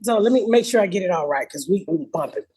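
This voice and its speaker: A woman in her fifties hosting a comedy podcast, telling stories loudly with lots of profanity over a patchy remote call. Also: lowish voice, fast talker, husky. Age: 50s. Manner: loud, profane, animated storytelling. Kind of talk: casual podcast chat. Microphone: remote call with a patchy connection.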